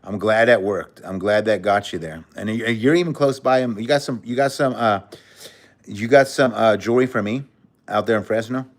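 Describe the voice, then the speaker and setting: A man's voice: on the low side, normal speed. Blunt, outspoken man streaming live. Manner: blunt, outspoken, cursing freely; earnest, emotional and candid. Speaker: livestream host. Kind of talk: casual livestream chat, reading viewer comments.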